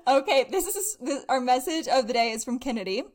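A woman's voice: high-pitched, lively intonation, a little fast, darkish tone. A young woman co-hosting a podcast, chatting casually and upbeat, a little out of breath and laughing often. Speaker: podcast co-host. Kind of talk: casual chat.

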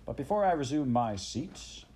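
A man voicing a pompous male weasel chief with a high, squeaky voice and mocking, drawn-out speechmaking in an audiobook. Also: animated, dark tone, a little hiss or hum, natural voice. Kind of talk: audiobook character voice.

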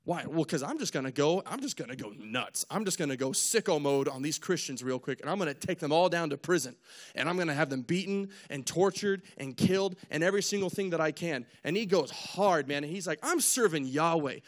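A young man preaching in a casual, lively way, retelling a story and acting out its people with jokes at his own expense. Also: a little high, a little fast. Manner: animated storyteller, acts out characters, jokes at himself.

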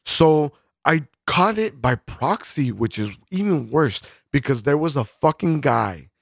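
A man's voice: a little high, animated, unhurried, vocal fry, no room sound, clean studio sound. A man co-hosting a podcast in casual chat, swearing constantly and rambling with fillers and restarts. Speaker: podcast co-host.

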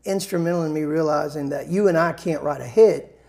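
Gravelly-voiced man telling rambling stories. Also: fairly high pitch, fairly quick, a little mellow. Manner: rambling, frequent restarts and self-corrections; folksy, self-deprecating humor. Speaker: songwriter. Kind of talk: casual interview storytelling.

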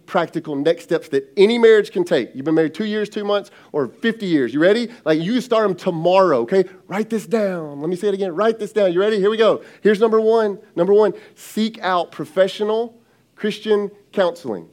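A man in his thirties, a lead pastor giving an energetic, direct sermon to his congregation. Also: a little high.

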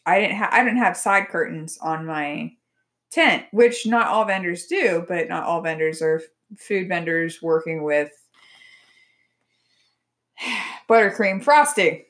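A woman in her thirties chatting casually, telling animated stories and acting out quotes, swearing freely. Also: fairly low pitch, slow, pauses often. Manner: animated storytelling, acts out quotes with profanity. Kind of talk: casual chat.

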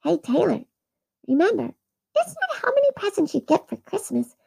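A woman voicing a kindly Christmas angel ornament that comes to life, speaking gently and reassuringly. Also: very high-pitched, wildly swooping pitch, normal speed, creaky, pitched above the performer's own voice, heavily acted. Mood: gentle. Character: kindly chubby-faced angel ornament come alive.

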